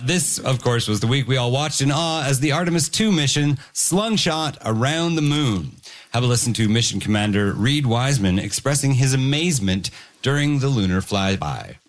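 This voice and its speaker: A man's voice: mid-range voice, moderate pace. A man hosting a comedy panel quiz, reading clues wryly and often laughing between lines. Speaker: quiz show host.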